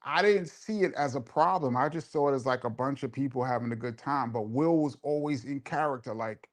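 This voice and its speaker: A man's voice: mid-range voice, a little fast, hardly any pauses. A man hosting a live show and telling a laid-back, laughing story in casual street slang. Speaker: host and DJ.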